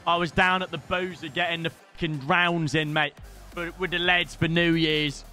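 A young British man commentating live on his own gameplay, excitable and casual, swearing freely and shouting at big moments. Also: a little high, normal speed, soft background music. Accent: British English. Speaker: gaming streamer.

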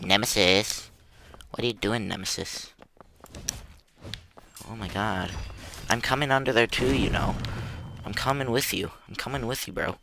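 A man's voice: fairly low pitch, normal speed, creaky, long pauses, background noise. A young man giving goofy, rambling commentary while playing an online game, full of silly jokes. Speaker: gaming youtuber. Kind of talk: casual gameplay commentary.

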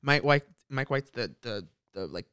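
A young co-host chatting casually on a podcast, gossipy and teasing, quick to laugh. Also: mid-range voice, animated, pushed and bright, clear, resonant tone, no echo, clean studio sound. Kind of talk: casual chat.

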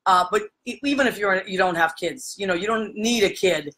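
A woman hosting a casual interview chat, telling stories in a gushing, animated way and praising her guest. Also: medium pitch, a little fast, low-quality recording. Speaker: podcast host.

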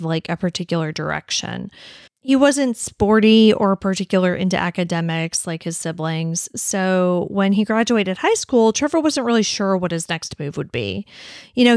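A woman's voice: medium pitch, dry recording, studio quality. A woman hosting a true-crime podcast, talking casually with frequent apologies and laughs. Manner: chatty, apologetic, laughs often. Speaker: podcast host.

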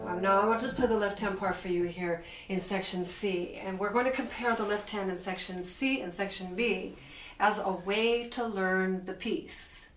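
A middle-aged woman teaching piano, explaining with enthusiasm as she plays and counting the beats out loud. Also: mid-range voice, normal speed. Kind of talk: piano lesson. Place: room with a piano. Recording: echoey room, distant mic.

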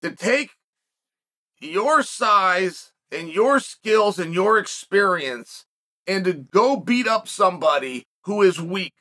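A man's voice: sits high, expressive, takes it slowly, sharp tone. A middle-aged man hosting a podcast, delivering a reflective commentary monologue full of rhetorical questions and restarts. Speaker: podcast host.

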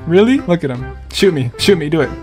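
A man giving loud, joking commentary over a shooter game, often breaking into shouts. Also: on the high side, very animated. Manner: loud, jokey, quick swings to shouting. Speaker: gaming YouTuber. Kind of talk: excitable gameplay commentary. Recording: game music and sound effects behind. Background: game music.

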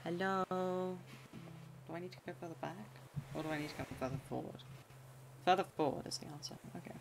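Low-voiced woman streamer chatting. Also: steady tone, fairly quick, noisy background. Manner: chatty, giggly, talks to herself. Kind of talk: casual gameplay commentary.

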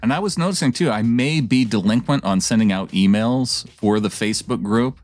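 A man's voice: mid-range voice, normal speed, a little mellow, soft background music. A man co-hosting a podcast, reading a listener's email with playful, theatrical delivery, then chatting casually. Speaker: podcast co-host.

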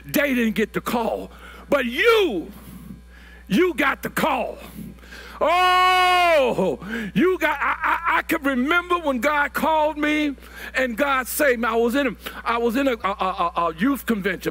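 A preacher in his sixties with a high, bright, sharp voice that swings widely in pitch. He builds his sermon into shouted, stretched-out lines, stumbling and repeating words as he goes. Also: lively intonation, normal speed. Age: 60s.

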